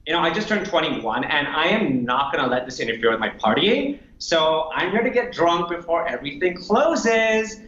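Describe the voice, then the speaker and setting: A man's voice: fairly high pitch, animated, moderate pace, few pauses, a bit bright, reverberant, dull audio, voice pushed down. A man playing a carefree young party guy. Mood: defiant. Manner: careless, defiant.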